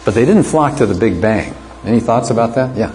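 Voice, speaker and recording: A man's voice: mid-range voice, expressive, a little fast, a little mellow. A man teaching an apologetics class, lecturing conversationally and asking the students rhetorical questions.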